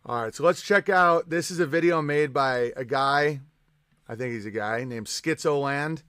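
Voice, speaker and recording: A man's voice: medium pitch, normal speed, bright, forceful tone, smooth, no echo, studio quality. A man hosting a live stream, reading out chat messages and ranting in a profane, sarcastic and combative way.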